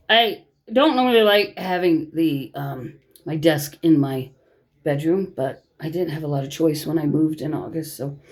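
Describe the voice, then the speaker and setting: Woman giving a chatty tarot reading. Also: medium pitch. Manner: chatty, reassuring, checks in with listeners with "okay?". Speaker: tarot reader. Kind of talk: casual tarot reading to camera. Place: bedroom at home.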